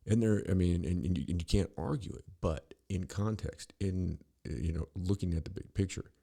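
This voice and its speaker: A man's voice: low voice, moderate pace, creaky, warm tone, slightly rough. A middle-aged man hosting a podcast, ranting in a rambling, profane, sarcastic monologue full of restarts. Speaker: podcast host.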